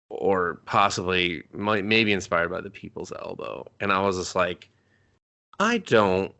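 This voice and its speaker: Bright-voiced, excitable swearing man. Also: medium pitch. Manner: rambling, excitable, swears a lot, acts out quotes. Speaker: podcast co-host reviewing a movie. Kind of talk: casual profane movie chat.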